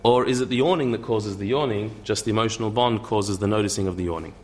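A man's voice: fairly low pitch, fast, a little mellow, slight background noise. A man giving a conversational lecture, thinking aloud with repeated words and restarts and tossing in wry asides.

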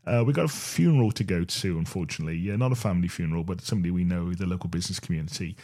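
A man's voice: sits low, rapid-fire, warm tone. A middle-aged man from the Black Country with a Black Country accent, hosting an internet rock radio show in a rambling, chatty, self-deprecating way. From Black Country, England. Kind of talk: casual radio show chat.

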